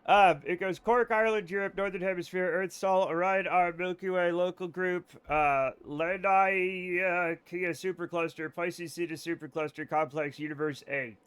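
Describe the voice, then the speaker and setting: A man with a bright, somewhat high voice chats casually through a live game stream. He rambles from topic to topic, addresses his chat directly and swears without fuss. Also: fairly even intonation, normal speed, few pauses, clean tone. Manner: rambling, chatty, swears freely, talks to chat.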